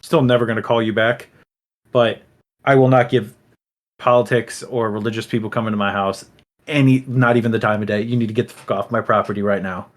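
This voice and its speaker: A man's voice: fairly low pitch, steady tone, fairly quick. A young man from Illinois co-hosting a casual podcast chat, blunt and rambling, with plenty of fillers and swearing. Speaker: podcast co-host.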